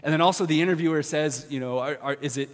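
A man preaching a casual sermon as a pastor, chatty and upbeat with fillers and restarts, dropping to a hush when he prays. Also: fairly high pitch, fast talker. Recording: long hall reverb.

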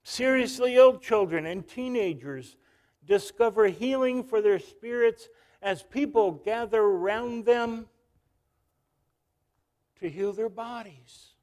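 A man's voice: high-pitched, slow, a little mellow. A male pastor preaching a sermon, telling a story and calling out to the congregation.

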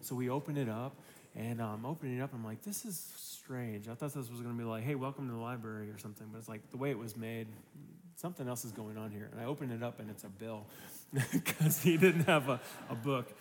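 A man's voice: medium pitch, fairly quick, long reverb tail. A man in his thirties preaching a sermon as pastor, casual and conversational, slipping into voices for the people in his story.

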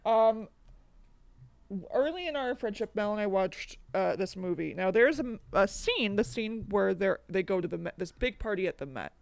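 Woman podcast co-host, rambling and animated, mid pitch, dry close sound. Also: moderate pace, vocal fry, no room sound. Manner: animated, rambling, swearing freely. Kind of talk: casual chat.

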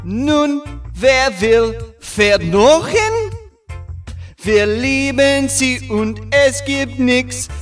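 A man's voice: very high-pitched, expressive, very slow, soft background music, full character voice. A man putting on a Jamaican accent to deliver a podcast promo in a sing-song, rhythmic way.

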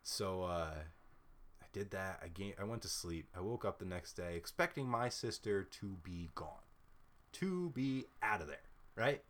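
A young man with a fairly low-pitched voice tells a story in a casual chat. He swears constantly and rants with animated frustration, laughing his way between complaints. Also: a little slow. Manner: profane, animated ranting storyteller.

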